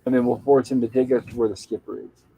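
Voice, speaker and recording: A man's voice: medium pitch, fairly even intonation, quick pace, creaky, warm tone, breathy edge, rough recording. A man casually retelling a TV episode scene by scene as a podcast co-host, quoting its lines in his own plain voice.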